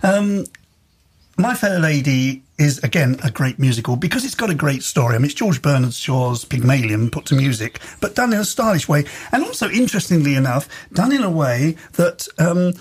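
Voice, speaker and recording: A man's voice: on the high side, big pitch swings, normal speed, husky. A man from London presenting a casual radio chat about musicals, chatty, with frequent ums and restarts.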